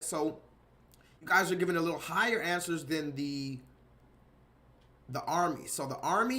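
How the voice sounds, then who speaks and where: A man's voice: a little high, bright, forceful tone. A man hosting a casual livestream, rambling and repeating himself while reading out viewers' chat comments. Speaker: livestream host.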